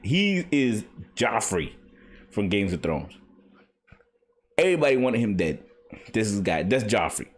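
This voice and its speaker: A man's voice: fairly low pitch, big pitch swings, measured pace, long pauses. A man casually reviewing manga from his home basement, rambling and opinionated with lots of fillers.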